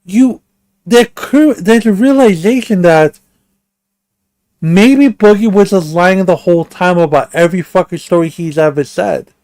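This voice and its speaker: A man with a high, light voice who talks slowly and deliberately. He reacts to a clip in an incredulous, emphatic manner, stacking up points one by one. The sound is dry and close, with no room around it. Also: a little mellow, no room sound. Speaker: commentary streamer. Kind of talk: reaction commentary.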